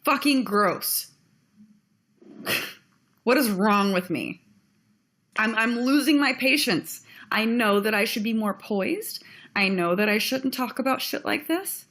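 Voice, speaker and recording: A woman's voice: fairly high pitch, expressive, takes it slowly, pauses often, fairly bright tone. A young woman ranting on her own video channel, blunt and heated, swearing freely as she vents. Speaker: vlogger.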